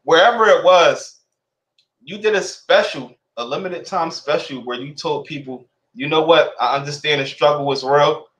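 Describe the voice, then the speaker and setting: A man's voice: a little high, normal speed, a bit bright. A man hosting a casual interview, asking long, winding, admiring questions. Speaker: interview host. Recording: echoey room.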